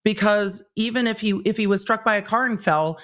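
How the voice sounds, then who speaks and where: A woman's voice: mid-range voice, brisk, a bit bright. A woman hosting a casual livestream, recapping a trial in a chatty way, acting out quotes as she retells them. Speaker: legal commentator and livestream host.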